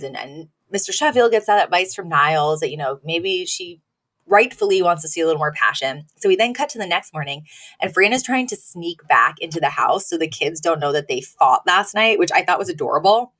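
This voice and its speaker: A woman's voice: lowish voice, animated, brisk, a bit bright. A woman co-hosting a podcast, recapping a sitcom episode in a chatty way, laughing often and acting out quotes from the characters. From Washington, D.C. area. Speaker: podcast co-host. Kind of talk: casual recap chat.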